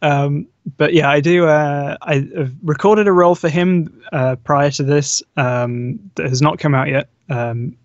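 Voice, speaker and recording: A man, a voice actor, answering interview questions in a modest, hesitant way with many pauses. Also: a little high, steady tone, no room sound, highs cut off. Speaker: voice actor guest. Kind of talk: casual online interview.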